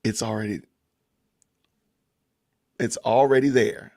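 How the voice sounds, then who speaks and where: A man's voice: mid-range voice, steady tone, slow pace, creaky, a little mellow. A man with a Southern Georgia accent hosting a casual livestream podcast, chatting loosely with viewers and greeting the chat. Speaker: podcast host.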